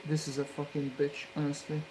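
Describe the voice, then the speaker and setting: A man's voice: a little high, brisk. Man muttering and swearing over soldering. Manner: mutters quietly, then erupts into loud profane yelling. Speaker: maker filming his electronics work. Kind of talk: muttered running commentary while soldering. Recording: steady background noise.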